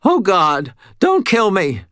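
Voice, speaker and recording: Casting: a man playing a terrified young stoner clerk, high and whiny, begging in a storybook reading. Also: expressive, a little slow, a bit bright, no room sound, clean studio sound. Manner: high, pleading and frantic. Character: panicky stoned young male store cashier.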